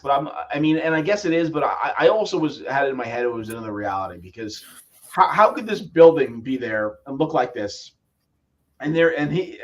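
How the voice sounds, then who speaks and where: A man's voice: on the high side, muffled recording. A man co-hosting a live review show in casual chat, rambling and restarting his sentences as he thinks aloud.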